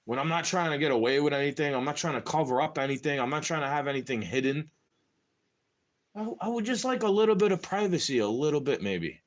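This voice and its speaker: A young man rambles through a frustrated monologue, slangy and conversational. His voice sits a bit high and swings widely in pitch as he vents. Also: expressive, fast talker. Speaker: vlogger. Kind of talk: casual monologue to camera.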